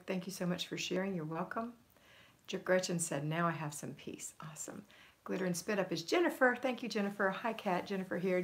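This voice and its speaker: A woman's voice: on the low side, vocal fry. A middle-aged woman hosting a homemaking livestream, reading viewer comments aloud and answering them with encouragement.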